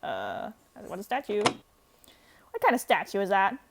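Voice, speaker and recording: A woman's voice: medium pitch, huge pitch swings, measured pace, gravelly, heavy background noise. A woman reading a visual novel aloud, breaking in with dramatic outbursts and jokey asides. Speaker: gaming streamer.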